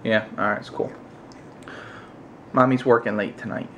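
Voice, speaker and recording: An American man chatting casually with his toddler on camera, using playful baby talk and high, coaxing questions. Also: steady tone, moderate pace, fairly bright tone, a little hiss or hum. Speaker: parent vlogger.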